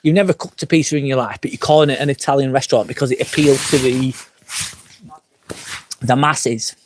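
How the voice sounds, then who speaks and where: A man from England, a bit tipsy, runs a casual live stream outside by a fire pit at a glamping spot, reading comments and ranting profanely at length. His mid-range voice is brisk with fairly even intonation, and slight background noise can be heard.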